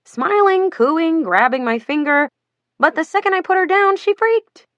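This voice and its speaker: A woman voicing a frazzled, sleepless young new mother in an audiobook, talking in an exasperated way that climbs high. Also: animated, measured pace, a bit bright, dry recording, highs cut off, heavily acted.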